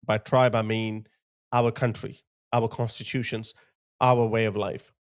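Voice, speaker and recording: A man's voice: fairly low pitch, little pitch movement, measured pace. A man giving impassioned video commentary, emphatic and indignant, driving his points home by repeating phrases. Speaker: political commentator.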